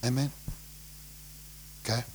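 A young man with a South African accent preaching a sermon. He swings between loud cries from scripture and quiet, low asides. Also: slow. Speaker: pastor.

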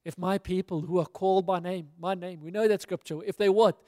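High-voiced preacher in a reverberant hall. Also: male voice, fairly even intonation, a little fast, hardly any pauses, darkish tone. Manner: casual storytelling, acting out dialogue. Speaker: pastor. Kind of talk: sermon.

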